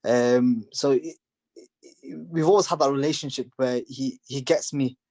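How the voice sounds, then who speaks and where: Halting man on a dry call. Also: medium pitch, steady tone, a little mellow, dry recording, poor audio. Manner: halting, many restarts and fillers. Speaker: podcast guest. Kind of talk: casual interview chat.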